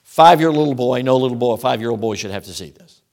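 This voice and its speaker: A man's voice: mid-range voice, animated, fast, a little mellow. A middle-aged man preaching a sermon, emphatic and rhythmic, stacking repeated phrases into lists. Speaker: traveling preacher.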